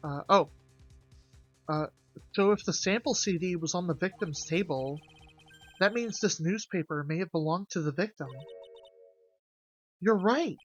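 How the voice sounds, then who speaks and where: A young adult streamer in casual let's-play commentary, reading game lines aloud and chatting to viewers with animated, swearing asides. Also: mid-range voice, unhurried, pauses often, dull audio, faint music behind. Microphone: desk mic with gain adjusted.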